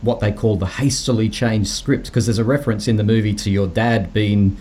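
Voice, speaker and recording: A man conducting an interview, who lays out background at length in a measured way before putting his question. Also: on the low side, fairly even intonation, mellow.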